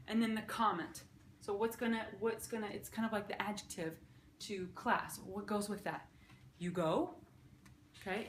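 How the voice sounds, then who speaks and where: A woman in an ordinary middle pitch gives a casual, upbeat lesson and walks through each example step by step. She keeps checking in with her viewers as she goes. The room is echoey, with faint noise in the background. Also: fairly bright tone. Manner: upbeat, explains step by step, often checks with "okay?". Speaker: sign language teacher. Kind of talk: casual teaching at a whiteboard.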